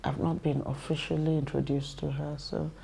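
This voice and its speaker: An actress playing an older Nigerian mother recovering in hospital, speaking slowly and hesitantly with a gravelly voice. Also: deep voice, level tone, mellow. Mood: grateful. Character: recovering wealthy mother, grateful, hospital patient. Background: film score music.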